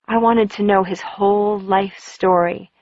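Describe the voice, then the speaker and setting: A woman reading a first-person audiobook in a measured storytelling manner. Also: mid-range voice, fairly even intonation, a little mellow, no room sound, lo-fi sound. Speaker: audiobook narrator.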